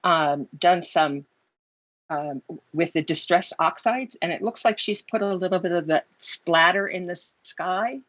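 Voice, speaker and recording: Woman, guest crafter, low voice, halting, muffled video call, dry. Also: fairly bright tone, no room sound. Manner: hesitant, halting, lots of ums. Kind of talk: casual livestream chat. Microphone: remote video call. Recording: dull lo-fi video call audio.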